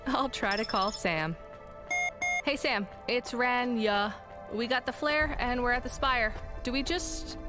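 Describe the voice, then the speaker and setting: A woman's voice: fairly high pitch, a little slow, close to an everyday voice. An actress voicing a wry, sarcastic young woman courier in a video game. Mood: concerned. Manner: dry, wry delivery. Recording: game dialogue over music.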